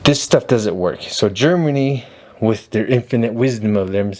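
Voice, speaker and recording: A man's voice: medium pitch, moderate pace, darkish tone. A man hosting a casual commentary vlog, talking bluntly and rambling, repeating himself. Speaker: video host.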